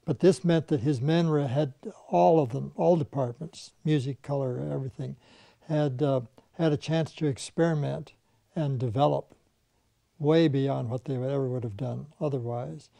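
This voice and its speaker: A man's voice: mid-range voice, steady tone, moderate pace, creaky, warm tone, no room sound. An older man, a veteran animation filmmaker, reminiscing in conversation and telling anecdotes in which he mimics the people he quotes.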